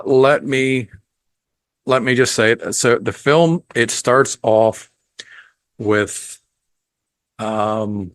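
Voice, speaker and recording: Slow, low-voiced man reviewing a film. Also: no room sound. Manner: unhurried, rambling with frequent ums; profane and blunt. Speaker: podcast host reviewing a film.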